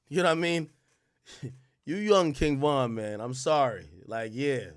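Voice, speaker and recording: A man hosting a livestream, reacting to a clip in an animated, slangy, profane way and thinking out loud. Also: a little high, moderate pace. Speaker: livestream commentary host. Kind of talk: live-stream reaction commentary.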